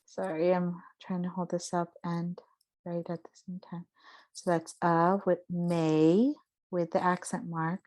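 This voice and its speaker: A woman's voice: lowish voice, flat delivery, unhurried, a little mellow. A woman giving a casual spoken lesson, explaining and demonstrating vowel sounds aloud. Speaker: voice teacher.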